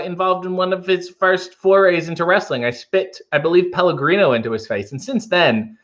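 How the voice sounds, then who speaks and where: Bright-voiced wry livestream host. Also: male voice, a little high, dull audio. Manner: wry, deadpan asides. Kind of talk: casual chat reading viewer comments.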